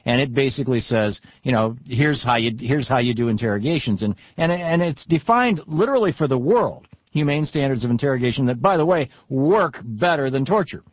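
A man hosting a radio talk show, opinionated and quick to argue his point. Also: medium pitch, animated, no echo. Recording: dull, dry studio sound.

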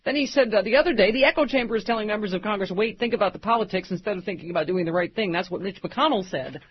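A woman's voice: mid-range voice, rapid-fire, lo-fi sound, a little hiss or hum. Wry woman hosting talk radio. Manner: wry, sarcastic, reads news items aloud. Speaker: radio talk show host. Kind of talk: political talk radio banter.

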